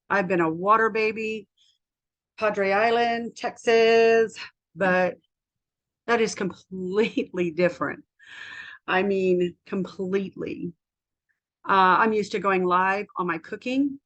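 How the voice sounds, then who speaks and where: A woman's voice: mid-range voice, a bit bright. A woman in her fifties from the United States, a health coach talking candidly and emotionally in a casual, rambling personal vlog. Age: 50s.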